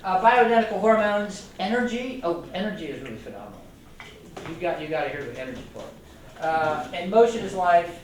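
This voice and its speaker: A man's voice: high voice, sing-song, fairly quick, noisy background. An older man speaks as a guest lecturer, rambling and enthusiastic as he trades quips with the audience. He is heard from a distant mic in a very echoey meeting room, with faint ambience underneath. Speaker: retired doctor giving a guest talk. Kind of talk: informal lecture to a club audience.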